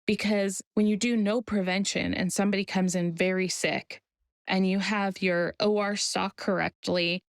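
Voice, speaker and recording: Gravelly, measured woman speaking slowly. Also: lowish voice, dry recording. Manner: measured storyteller, slow deliberate phrasing. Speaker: guest, maternity care provider. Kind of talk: podcast interview.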